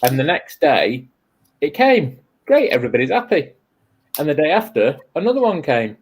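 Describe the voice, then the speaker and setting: A woman's voice: sits low, very animated, normal speed, slight background noise. A woman hosting a casual live stream chat, telling rambling stories full of restarts and dry jokes.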